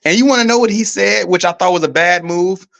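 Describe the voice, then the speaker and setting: A man hosting a live sports podcast, talking casually, with a slightly rough, coughing throat, pausing with frequent ums and asking viewers for their opinions. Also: high voice, fairly bright tone. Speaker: podcast host. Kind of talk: casual live-show commentary. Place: staying abroad in Paris.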